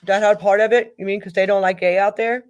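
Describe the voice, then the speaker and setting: A middle-aged woman speaking as a grieving mother in an interview, talking in a halting way and repeating herself. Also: mid-range voice, fairly even intonation, darkish tone. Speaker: guest, mother of a victim. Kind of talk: emotional interview over a call.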